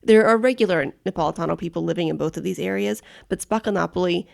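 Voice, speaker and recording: An American woman co-hosting a casual travel podcast, chatty and quick to laugh. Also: on the low side, gravelly. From United States. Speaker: podcast co-host.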